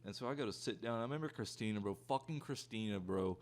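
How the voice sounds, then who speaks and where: A man's voice: lowish voice, quick pace. A young man telling a profane, rambling story in a casual storytime style. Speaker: YouTuber.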